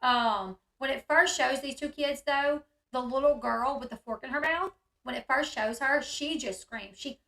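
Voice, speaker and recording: A woman hosting casual commentary on a video, talking in an animated way and acting out the yelling she describes. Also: high-pitched, moderate pace, roomy sound. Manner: animated, reacts loudly, acts out quoted yelling. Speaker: commentary host.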